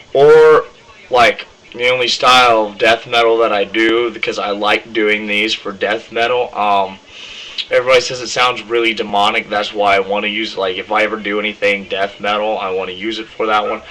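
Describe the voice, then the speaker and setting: Young man with a bright, tense voice. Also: on the low side, steady tone, fairly quick, rough recording. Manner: rambling, many ums, demonstrates harsh screams. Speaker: vocalist teaching screaming technique. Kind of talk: casual vocal tutorial.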